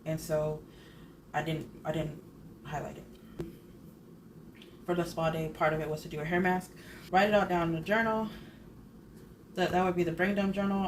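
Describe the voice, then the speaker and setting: Thirties woman rambling through her budget vlog, lowish voice, faint hiss behind. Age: 30s. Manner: chatty, rambling, self-correcting. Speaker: budget vlogger. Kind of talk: casual chat.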